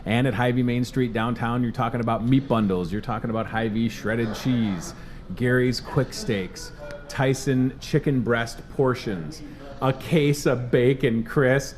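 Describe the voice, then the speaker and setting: A man's voice: medium pitch, a little slow. A man hosting a supermarket promo show, talking in a chatty, upbeat, salesy way about the week's deals. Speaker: store promotions host. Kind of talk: upbeat in-store promo chat.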